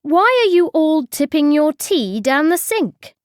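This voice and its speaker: A woman voicing a brisk, firm male football team manager in a storybook. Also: sits high, sing-song, dry recording, clean studio sound, pitched above the performer's own voice.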